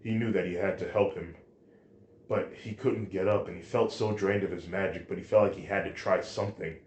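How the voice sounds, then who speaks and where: A man reading a fan story aloud, halting now and then with restarts. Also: low-pitched, steady tone, a little mellow, highs cut off, a little hiss or hum. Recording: roomy echo.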